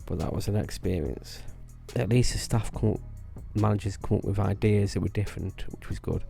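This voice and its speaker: A man's voice: fairly low pitch, a little fast, vocal fry, warm tone, soft background music. A man telling rambling casual stories about his old theme park job, restarting phrases and laughing at himself. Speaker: vlogger recalling theme park work.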